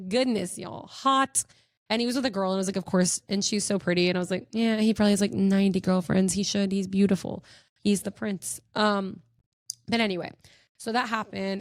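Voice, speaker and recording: A young woman hosts her own podcast, telling stories in a bubbly, gushing style and giggling often during the casual chat. Her pitch is mid-range for a woman, and the recording is close and dry, with no room sound or echo.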